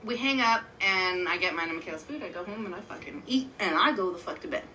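A woman's voice: mid-range voice, animated, fast talker, sharp tone, slight background noise, low-quality recording. A woman in her thirties, co-hosting a podcast, telling a long story in casual, profane chat. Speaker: podcast co-host.

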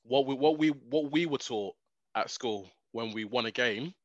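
A man, co-hosting a casual sports podcast in excitable, animated banter. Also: medium pitch, moderate pace. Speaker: podcast co-host. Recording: dull, dry lo-fi mic.

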